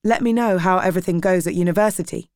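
A woman's voice: on the low side, fast talker, no room sound, studio quality, close to an everyday voice. A woman voicing a bitter older former schoolteacher, in a storybook reading. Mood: encouraging. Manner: warm-sounding but bitter.

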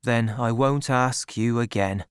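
A man's voice: medium pitch, a little slow, clean tone, no echo, clean studio sound, close to an everyday voice. A man reading an earnest young shepherd. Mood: earnest pleading. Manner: earnest, gentle, pleading. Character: earnest young male shepherd farmer, pleading in love.

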